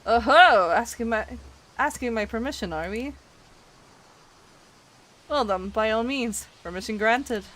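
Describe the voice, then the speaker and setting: A woman's voice: fairly high pitch, lively intonation, unhurried, long pauses, a little hiss or hum, rough recording. A woman voicing a flamboyant, pompous male writer from a game, with theatrical, grandiose delivery. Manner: theatrical, grandiose, loud exclamations. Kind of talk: reading game dialogue aloud.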